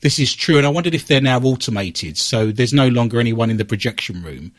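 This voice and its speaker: A man's voice: medium pitch, animated, fairly quick, no echo. A man hosting a paranormal quiz show on the radio. He reads a theatrical scripted opening with dramatic flourishes, then tells a ghost-hunting story in a looser, chatty way. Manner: dramatic, playful delivery with big swoops and drops. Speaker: paranormal investigator.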